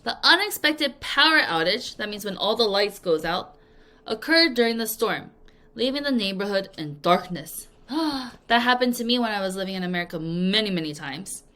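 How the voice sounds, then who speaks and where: Woman, English vocabulary teacher, crisp bright tone, clear drilling, playful examples. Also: medium pitch, expressive, normal speed. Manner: clear drilling with repeat-after-me prompts; playful, acts out example sentences. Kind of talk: classroom vocabulary lesson. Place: language school in Korea.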